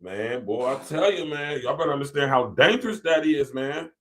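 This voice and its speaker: A man's voice: on the high side, expressive, moderate pace. Emphatic man hosting a commentary podcast. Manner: emphatic, repetitive, reads passages aloud then riffs with slang. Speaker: podcast host.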